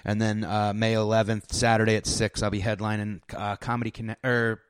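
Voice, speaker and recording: Man, 30s, podcast host; low, smooth voice, dry close sound; loose, swearing, self-mocking storyteller. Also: level tone, fairly quick, no echo. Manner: rambling, profane, self-deprecating, many fillers and restarts. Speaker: podcast host and stand-up comic. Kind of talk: casual storytelling monologue.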